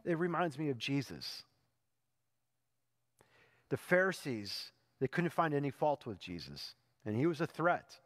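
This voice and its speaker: A man's voice: a little high, very animated, a little slow, pauses often, fairly bright tone. A male pastor preaching a sermon in a church, telling the story in a conversational way and building to emphatic peaks. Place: church sanctuary. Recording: long reverb in a church hall.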